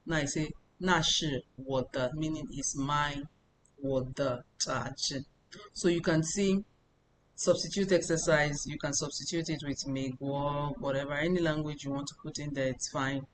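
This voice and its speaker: A woman from Nigeria, teaching a language lesson as a tutor and repeating phrases slowly before explaining them step by step. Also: low voice, fairly even intonation, a little hiss or hum, low-quality recording.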